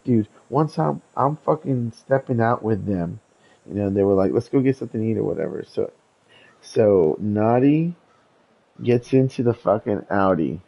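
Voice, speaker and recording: A man's voice: fairly low pitch, expressive, moderate pace, creaky, husky, highs cut off. A young man telling a story in casual chat, rambling and profane, with lots of stammered restarts. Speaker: podcast host telling a story.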